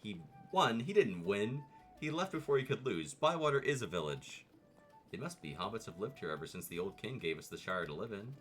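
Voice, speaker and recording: A man's voice: fairly low pitch, big pitch swings, a little fast, fairly bright tone, faint music behind. A man voicing a proud, indignant male hobbit farmer who insists on his point.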